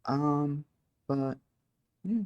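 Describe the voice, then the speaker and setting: A woman's voice: sits low, extremely slow, dull audio, noisy background. A woman streamer chatting casually and hesitantly, full of ums and trailing thoughts. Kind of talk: casual chat.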